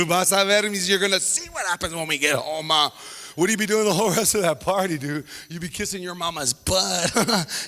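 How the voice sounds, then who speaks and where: A man performing a stand-up comedy set before a live audience, acting out his family in quick voices. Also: a little high. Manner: animated, acts out family members in quick voices. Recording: live hall with long reverb.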